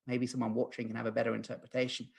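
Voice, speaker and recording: A man's voice: medium pitch, monotone, very fast, vocal fry, husky. A man in his thirties, a guest who practises lucid dreaming, retelling a dream in a podcast conversation in an earnest, rambling way with many fillers and restarts. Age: 30s.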